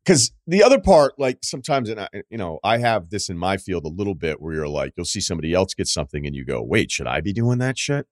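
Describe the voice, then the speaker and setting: A man's voice: deep voice, animated, fast, few pauses, no room sound, studio quality. A man hosting a podcast, asking long rambling questions in casual, profane chat. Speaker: podcast host.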